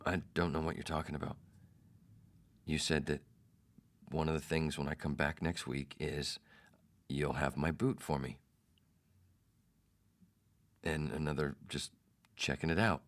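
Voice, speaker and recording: A man with a deep, low voice tells a rambling personal story on his podcast. He talks casually and animatedly, and his voice jumps up when he mimics the people in the story. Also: moderate pace, pauses often. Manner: animated, mimics others in quoted lines. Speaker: podcast host.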